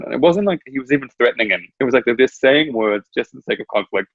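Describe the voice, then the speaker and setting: A man talks quickly and casually, rambling through anecdotes with a slightly husky, low voice. The sound is dry and a bit dull, like lo-fi video call audio. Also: lively intonation, no room sound. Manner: rambling storyteller, laughs at his own anecdote. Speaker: guest. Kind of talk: casual chat.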